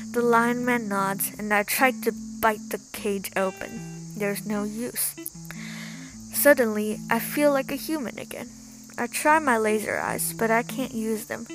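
A woman's voice: fairly high pitch, fairly even intonation, measured pace, music in the background, rough recording. A woman reading a first-person story aloud in an emphatic, dramatic storytelling manner.

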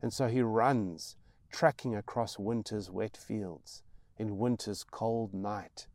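A man narrating his own novel with slow, intense dramatic storytelling. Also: fairly low pitch, steady tone, a little mellow, dry recording, clean studio sound. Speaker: author reading his novel.

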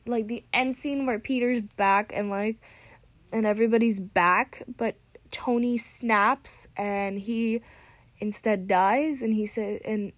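A woman's voice: fairly high pitch, dry recording. A teenage girl ranting casually to camera as a vlogger, dramatic and sarcastic, often correcting herself mid-sentence, recorded on a tablet microphone. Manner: chatty, dramatic and sarcastic, with frequent self-corrections.

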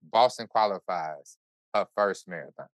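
A man hosting a podcast, telling a story in casual chat with animated, profane, run-on delivery. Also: low-pitched, moderate pace, dry recording. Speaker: podcast host.

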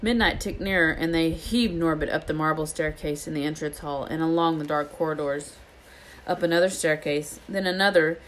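A woman reading a children's book aloud in a steady storytelling way, with small slips. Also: deep voice, normal speed, slight background noise. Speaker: reader.

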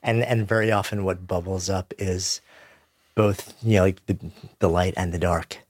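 A man hosting an interview, thoughtful, building his points slowly and reflectively. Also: sits low, steady tone, a little mellow, no echo. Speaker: podcast host. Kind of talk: conversational interview.

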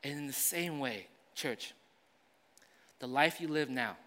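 A man preaching a sermon as pastor, moving between loud, urgent declarations and quiet, conversational asides. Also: mid-range voice, animated, takes it slowly, big-room sound.

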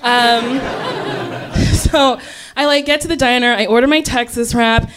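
A woman's voice: a little high, takes it slowly, a crowd in the background, background noise. A woman telling a funny story on stage, often breaking into laughter as she talks. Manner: laughs often while talking. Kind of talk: comedic storytelling.

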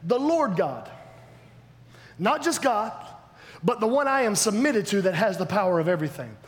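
A man preaching a sermon, animated and emphatic, swinging between loud declarations and hushed asides. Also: high voice, a little fast. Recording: long hall reverb, faint background noise.

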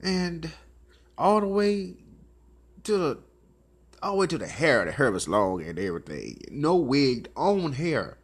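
A man with a Memphis Southern accent talks slowly through a rambling, profane monologue, as a talk show host would. His pitch swings widely, rising high for the bits he acts out. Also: slightly rough. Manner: rambling, animated storytelling with profanity and laughs. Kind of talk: casual monologue.

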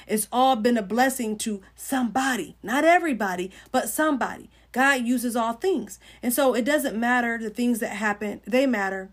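Earnest woman giving a casual sermon. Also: on the high side. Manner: earnest, conversational, greets viewers by name. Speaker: Christian livestream host. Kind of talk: informal sermon.

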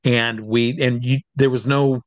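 A man's voice: mid-range voice, steady tone, a little slow, no echo. A man who works as a drag comedy entertainer, telling backstage stories in a casual, chatty way, with many fillers and restarts. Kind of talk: casual anecdotal storytelling.

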